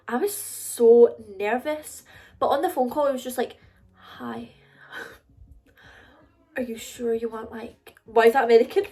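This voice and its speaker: A woman in her twenties with a Scottish accent, chatting in a casual storytime vlog, confiding and filler-heavy. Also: a little high. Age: 20s. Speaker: vlogger.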